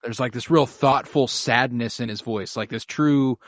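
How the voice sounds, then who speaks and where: A man co-hosting a podcast, chatting casually with relaxed, enthusiastic opinions. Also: mid-range voice, normal speed, no echo. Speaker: podcast co-host. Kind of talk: casual chat.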